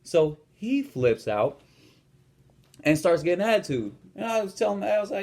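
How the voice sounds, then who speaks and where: A man's voice: high-pitched, big pitch swings, moderate pace, vocal fry, darkish tone. Brash young man ranting, profane. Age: young adult. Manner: blunt, profane, swaggering. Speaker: fitness and lifestyle coach. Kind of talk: casual vlog rant with storytelling.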